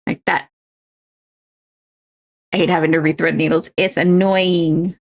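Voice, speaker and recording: Low and level, her voice unfolds unhurriedly. A streamer cross-stitching at home, she chats casually, teasing herself as her storytelling rambles.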